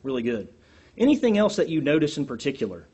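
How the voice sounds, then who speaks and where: Man teaching a class with a husky voice. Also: on the high side, fast. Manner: animated, asks the group questions, self-deprecating.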